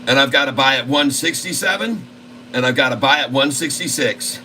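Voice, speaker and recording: A man hosting a trading channel, commentating live on his trades in a folksy, excitable way and constantly talking to his viewers. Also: mid-range voice, brisk, slight background noise, low-quality recording. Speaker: stock trading channel host.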